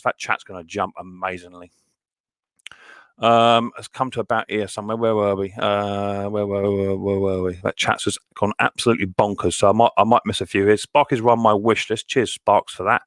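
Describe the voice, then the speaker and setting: A man's voice: fairly low pitch, steady tone, a little fast, fairly bright tone, no room sound, clean studio sound. Chatty man greeting viewers. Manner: casual, many fillers, calls people mate and buddy boy. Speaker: mower channel host. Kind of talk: live stream chat with viewers.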